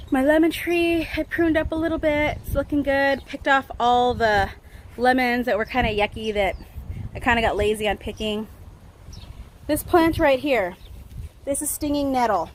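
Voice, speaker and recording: A woman giving a casual garden tour vlog outdoors, chatty and excitable, laughing often as she talks into a handheld phone. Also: high-pitched, a little hiss or hum. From Southern California. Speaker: garden vlogger.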